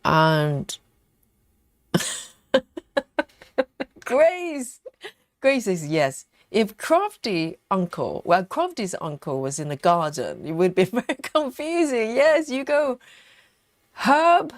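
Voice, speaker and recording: A woman's voice: fairly low pitch, sing-song, takes it slowly, dry recording, studio quality. A woman with a British accent hosting a casual live stream, reading viewer comments aloud and musing over them, often breaking into laughter. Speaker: livestream host reading viewer chat. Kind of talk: casual live chat while cross-stitching.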